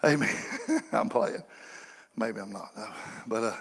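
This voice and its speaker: Folksy male preacher, sharp forceful tone, reverberant sanctuary. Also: fairly low pitch, expressive, a little slow, breathy edge. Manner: folksy preaching, swinging from quiet asides to shouted fervor. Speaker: pastor. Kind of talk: sermon. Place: church sanctuary. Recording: echoey church hall.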